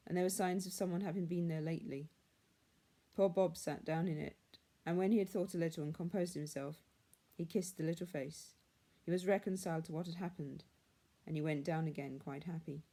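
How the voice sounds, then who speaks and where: Woman storyteller, measured and hushed, lower mellow voice. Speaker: reader. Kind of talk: storybook reading.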